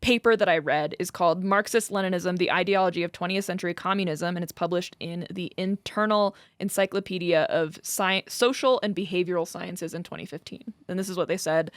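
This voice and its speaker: A woman's voice: lowish voice, fairly quick, hardly any pauses, dry recording, clean studio sound. A woman co-hosting a podcast, telling a researched story in a chatty, casual way with lots of fillers and laughter. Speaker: podcast co-host presenting research.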